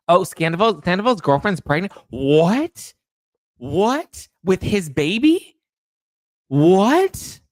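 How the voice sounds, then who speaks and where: A man hosting a pop culture show in casual chat, breaking into high-pitched disbelief. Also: a bit bright, no echo. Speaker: pop culture podcast host.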